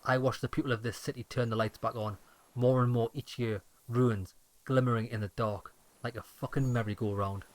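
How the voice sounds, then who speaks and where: A man's voice: medium pitch, fairly even intonation, normal speed, dry recording, close to an everyday voice. A man voicing a frail, bitter old deserter soldier who speaks in grim, clipped phrases.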